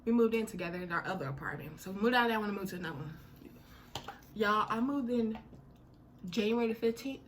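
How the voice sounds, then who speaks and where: A young woman telling a personal story in a casual, animated way, full of slang and dramatic retellings. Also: medium pitch, quick pace, long pauses, a little hiss or hum.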